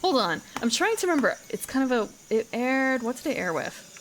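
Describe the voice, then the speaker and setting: A woman's voice: fairly high pitch, big pitch swings, brisk, a little hiss or hum. A woman streamer chatting casually while she plays, rambling and correcting herself as she goes. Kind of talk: casual gaming commentary.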